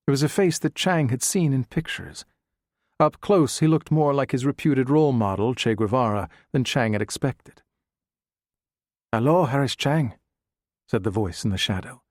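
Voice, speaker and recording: A man narrates an audiobook in a steady, measured voice of middling pitch. He reads close to a studio microphone. The sound is completely dry, with no room echo.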